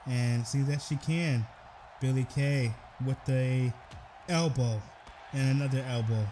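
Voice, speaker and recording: A young man giving excitable play-by-play commentary over a wrestling video game, breaking into shouted exclamations. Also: mid-range voice, measured pace, slight background noise.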